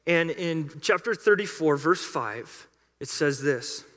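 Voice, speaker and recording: Pastor, man, high and bright, storytelling sermon delivery, long church reverb. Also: expressive, slow pace. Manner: storytelling, emphatic, conversational. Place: church sanctuary.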